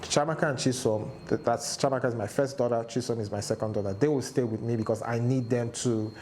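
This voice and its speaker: A man, a guest on a talk show, recounting a personal loss in halting, emotional testimony, his voice rising and breaking with distress. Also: mid-range voice, fairly even intonation, a little mellow, slight background noise. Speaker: interview guest.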